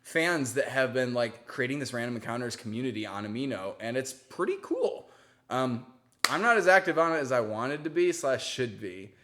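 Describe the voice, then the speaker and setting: A man's voice: mid-range voice, big pitch swings, normal speed, a bit bright, slight background noise. Chatty man hosting a live stream. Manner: chatty, giggly, reads out viewer questions. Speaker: host. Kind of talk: casual live-stream chat.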